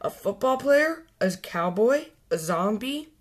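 A woman's voice: on the high side, animated, slow pace. Woman doing an eager young boy frog. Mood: excited. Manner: eager, bouncy, blurting ideas.

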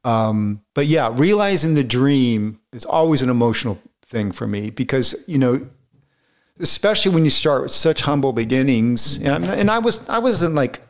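A middle-aged man guesting on an interview, spinning long anecdotes at an ordinary pitch. He wanders through the story, restarts his sentences and keeps an easy, casual flow. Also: big pitch swings, normal speed. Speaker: film director guest.

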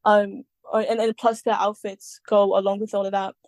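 A woman's voice: mid-range voice, flat delivery, moderate pace, a little mellow, no room sound. A woman talking as a podcast guest in casual chat, rambling with many fillers and the odd swear word.

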